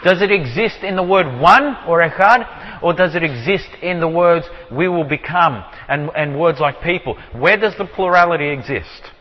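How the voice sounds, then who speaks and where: Guy preaching a bible study, high bright voice, keeps asking the crowd questions, big echoey hall. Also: animated, lo-fi sound. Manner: asks the audience many rhetorical questions; slows down to stress key phrases. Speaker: preacher teaching on scripture. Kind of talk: sermon-style Bible teaching. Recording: long hall reverb.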